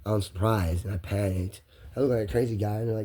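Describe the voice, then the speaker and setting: A man's voice: lowish voice, fairly even intonation, fast talker, mellow, slightly rough. A man talking straight to the camera in a rambling personal monologue, circling back on the same phrases again and again.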